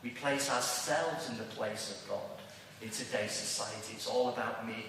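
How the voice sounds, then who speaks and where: A man's voice: on the low side, steady tone, moderate pace, fairly bright tone, a little hiss or hum. A man with a Liverpool accent preaching a sermon to a congregation in a church hall. He speaks emphatically and puts rhetorical questions to his listeners. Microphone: distant room mic. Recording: echoey church hall from far off.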